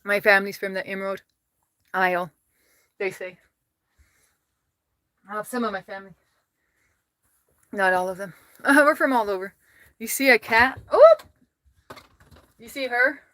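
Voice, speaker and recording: A woman's voice: mid-range voice, steady tone, moderate pace, long pauses, bright, forceful tone, no echo. An American woman livestreaming from home, chatting casually, reading viewer comments aloud and laughing often as she talks to her cats. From United States.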